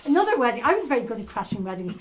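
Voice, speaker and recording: An older Irish woman, a journalist, tells stories to a live audience at a conference with lively asides and fillers. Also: fairly high pitch, very fast, background noise. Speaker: journalist speaker. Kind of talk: storytelling talk to a live audience. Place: conference hall at a castle hotel.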